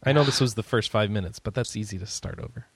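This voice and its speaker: A man's voice: on the low side, fast talker, gravelly, husky, no echo. Joking guy running a game podcast, dry close sound. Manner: joking, runs the questions. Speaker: podcast host. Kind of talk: casual podcast chat.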